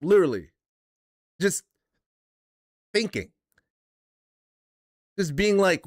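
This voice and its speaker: A man's voice: medium pitch, lively intonation, normal speed, long pauses, no echo, clean studio sound. A man hosting a casual live stream, rambling emotionally, swearing and reading chat aloud from his chair. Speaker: streamer host. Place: home stream setup in a chair.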